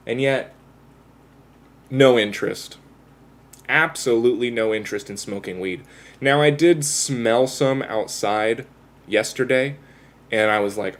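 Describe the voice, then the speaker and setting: A man chatting casually with his livestream viewers, rambling, self-mocking and swearing freely. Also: mid-range voice. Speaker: live streamer.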